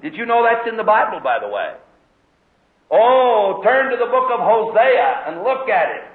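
A man's voice: sits high, moderate pace. A man preaching a sermon, telling stories and acting out the voices in them. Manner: animated storytelling, acts out voices in quotes. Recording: phone-like lo-fi echoey hall recording. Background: congregation heard responding.

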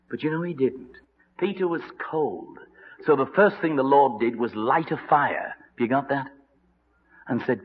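A man preaching a sermon, telling the story with lively narration and acted-out voices. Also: mid-range voice, moderate pace. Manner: animated storytelling, acting out voices. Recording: reverberant dull old radio broadcast.

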